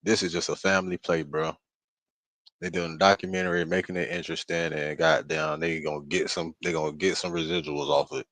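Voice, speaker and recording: A man's voice: very deep voice, steady tone, a little fast, vocal fry, fairly bright tone, dry recording, rough recording. A man co-hosting a casual reaction talk, laid-back and slangy, chiming in with agreement.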